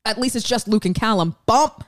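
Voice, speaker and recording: A young adult woman co-hosting a podcast, telling a story with lively, excited delivery and acting out the quotes. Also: on the high side, no room sound, clean studio sound. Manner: fast, excited, acts out quotes. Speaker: podcast co-host. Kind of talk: animated storytelling.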